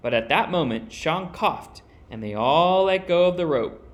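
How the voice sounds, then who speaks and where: A man reading a children's picture book aloud as storyteller, expressive and with dramatic pauses. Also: on the high side, highs cut off.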